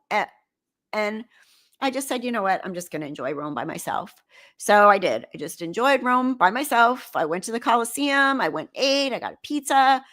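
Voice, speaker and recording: A woman hosting her own live stream, telling a travel story in a chatty, animated way and acting out quotes. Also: mid-range voice. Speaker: channel host.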